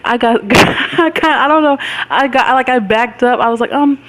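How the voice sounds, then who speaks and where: A woman's voice: high voice, moderate pace, noisy background. A young woman vlogger telling a story in a chatty, rambling way, with lots of fillers and frequent laughs. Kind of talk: casual storytelling vlog.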